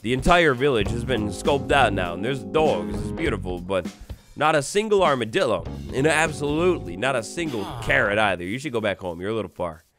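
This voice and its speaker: Animated young man narrating a game. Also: mid-range voice, a little fast, music in the background. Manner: playful, theatrical, talks to game animals. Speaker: gaming YouTuber. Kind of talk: Minecraft let's play commentary.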